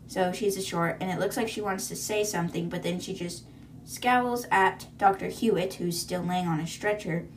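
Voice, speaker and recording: A woman's voice: lowish voice, steady tone, moderate pace, a little hiss or hum. A young woman hosting a podcast, casually recapping a book chapter by chapter and reacting as she goes. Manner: chatty, lots of fillers, reacts to the story. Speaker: podcast host.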